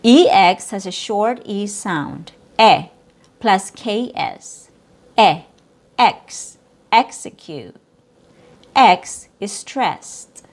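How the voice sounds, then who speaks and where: A woman teaching English pronunciation at a very slow, deliberate pace. She speaks in a middle pitch, drawing out model sounds and single syllables with careful articulation. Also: expressive, a little mellow.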